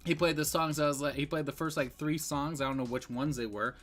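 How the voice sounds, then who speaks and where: A man's voice: fairly high pitch, steady tone, fairly quick, a bit bright, faint music behind. A man giving a casual, rambling movie review, full of fillers and restarts.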